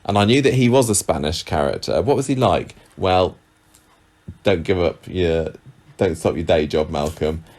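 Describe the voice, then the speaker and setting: A man's voice: low voice, normal speed, darkish tone. A man co-hosting a podcast in casual chat, hesitant and full of restarts. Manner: hesitant, with many restarts and fillers. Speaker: podcast co-host.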